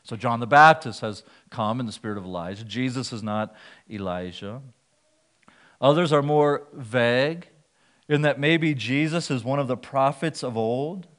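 A man's voice: mid-range voice, moderate pace, fairly bright tone. A man preaching a sermon to his church, explaining scripture in an earnest teaching manner with occasional restarts. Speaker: pastor.

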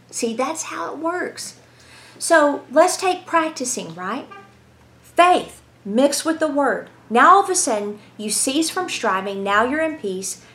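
A woman giving a lively, conversational Bible lesson, telling stories and asking rhetorical questions. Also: fairly high pitch. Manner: animated, storytelling, asks rhetorical questions. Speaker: Bible teacher.

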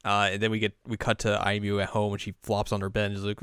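A young man co-hosting a casual chat, retelling scenes with lively put-on character lines. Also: on the low side, very fast, few pauses, clean tone, dry recording, studio quality. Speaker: podcast co-host recapping an anime.

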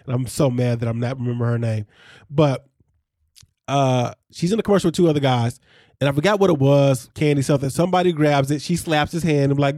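A man co-hosting a podcast in casual chat, animated and jokey. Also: medium pitch, no echo, clean studio sound. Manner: animated, jokey, quick asides. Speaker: podcast co-host.

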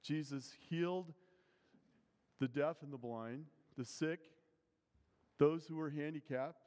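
A pastor delivering a sermon in a slightly high voice, speaking with earnest emphasis. His words carry a long reverb, as in a church sanctuary. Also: takes it slowly, pauses often, darkish tone. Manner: earnest, emphatic preaching with rising intensity on key phrases.

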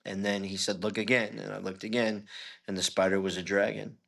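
A man's voice: sits low, level tone, a little fast, creaky. A middle-aged man, a pastor, telling a personal testimony in an interview in an earnest, conversational way. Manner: earnest, conversational storytelling with frequent "you know".

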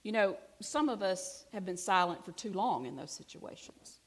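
A middle-aged woman from Alabama with a Southern accent, preaching a sermon in a conversational, self-deprecating storytelling way with hushed asides. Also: medium pitch, lively intonation, moderate pace, slightly rough. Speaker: pastor.

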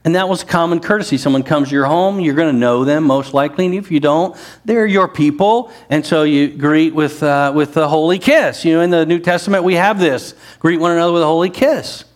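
A middle-aged pastor preaches in a conversational way, full of asides and questions to the listeners. His voice sits a bit high for a man and climbs further when he leans into a point. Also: fairly quick, hardly any pauses. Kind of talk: sermon.

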